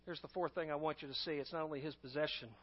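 A man preaching a sermon as pastor, emphatic, swinging between loud stresses and hushed asides. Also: a little high, steady tone, rapid-fire. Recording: long hall reverb, dull lo-fi sound.

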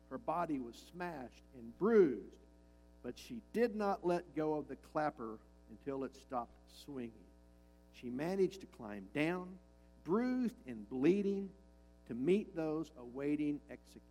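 A male preacher delivering a sermon in a church with a gravelly voice and an unhurried, deliberate delivery. His pitch swings widely as he leans on key lines, repeats them, and asks the room rhetorical questions. Faint music plays underneath. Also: a little mellow, poor audio. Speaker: pastor.

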